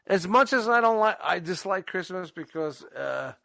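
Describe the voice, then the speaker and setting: Male podcast co-host, high gravelly voice, dry close mic, casual and profane. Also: lively intonation, normal speed, bright, forceful tone, dry recording. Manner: loose and profane, bursts into mock-announcer hype. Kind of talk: casual chat.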